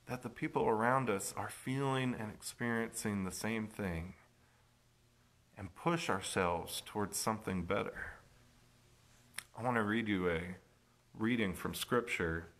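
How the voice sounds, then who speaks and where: Slow, bright-voiced male pastor telling a story. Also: fairly low pitch. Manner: storytelling, reflective, self-deprecating humor. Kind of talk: sermon.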